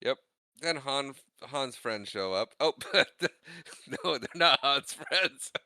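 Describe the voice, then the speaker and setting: A man co-hosting a casual movie podcast, recapping scenes and acting out the characters' lines in an animated way. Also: mid-range voice, slow pace, no echo. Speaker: podcast co-host.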